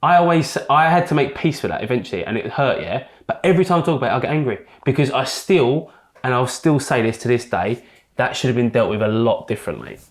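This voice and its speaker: Young guy, podcast guest, swears a lot, rattles through his story in an echoey room. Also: mid-range voice. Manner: rapid, sweary, animated retelling. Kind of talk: casual storytelling. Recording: roomy echo.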